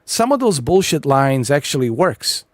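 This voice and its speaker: A man's voice: on the high side, very animated, moderate pace, no echo, studio quality. A man hosting a gaming video, ranting casually in a blunt, profane, rambling way with many fillers. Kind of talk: casual rant over gameplay.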